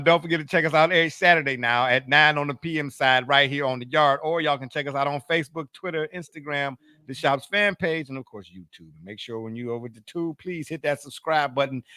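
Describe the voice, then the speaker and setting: A man's voice: a little high, a little fast, hardly any pauses, sharp tone, smooth, dry recording, clean studio sound. A middle-aged man hosting a casual sports talk show, teasing his co-hosts playfully. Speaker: show host. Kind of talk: casual sports chat sign-off.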